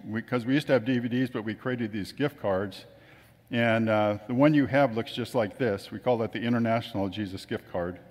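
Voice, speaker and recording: A man tells chatty anecdotes to a gathering, acting out the voices of the people he quotes, with a hall's long reverb around him. His voice is lowish and a little mellow, at a normal speed.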